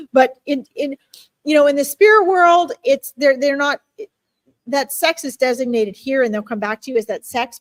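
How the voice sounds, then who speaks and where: A woman giving a heartfelt animal reading on a live stream, her voice sitting a little high. She speaks gently and emotionally, halting often and restarting her sentences. The sound is dry and close, with no room echo.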